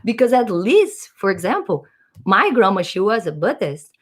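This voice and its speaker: A woman's voice: medium pitch, very animated, normal speed. Woman, vlogger, casual monologue, rambling, hesitant, searching for words.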